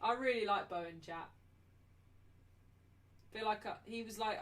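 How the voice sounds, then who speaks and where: A woman hosting a live match watchalong, chatting casually and slipping into high baby talk with her dog. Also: lively intonation, normal speed, long pauses, a bit bright. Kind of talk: casual live commentary and chat. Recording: voice a little distant from the mic.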